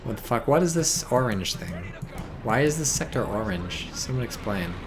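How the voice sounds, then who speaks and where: A man giving casual, excitable commentary on a strategy game, swearing and reading chat aloud. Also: lowish voice, moderate pace, background noise. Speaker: game caster.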